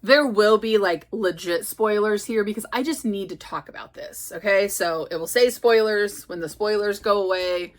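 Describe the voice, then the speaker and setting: A woman vlogging about a novel at home, talking in a rambling, excitable way full of fillers and restarts. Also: medium pitch, moderate pace, hardly any pauses. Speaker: book vlogger. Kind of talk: casual chat. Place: at home with her cats.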